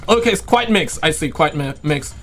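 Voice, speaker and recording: A man with a high voice talks excitedly on a live stream, rambling and answering viewers as he goes. He says he is losing his voice. Faint music plays quietly underneath. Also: moderate pace. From Quebec, Canada. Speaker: livestream host. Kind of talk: casual live stream chat.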